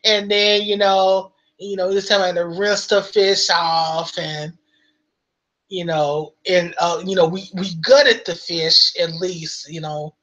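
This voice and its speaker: An American woman spins a casual story in a bright, slightly high voice, taking her time and filling the pauses with "you know." She laughs often and gets animated. The sound is a little dull and lo-fi. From United States. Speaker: vlogger.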